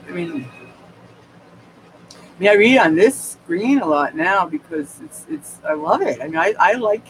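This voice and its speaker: An unhurried man with a high, slightly bright voice and big pitch swings talks into his camera's microphone at home. He's a New York State vlogger whose casual monologue rambles and digresses, with many restarts and frequent laughter. The low-quality recording has a little hiss or hum, and music plays in the background.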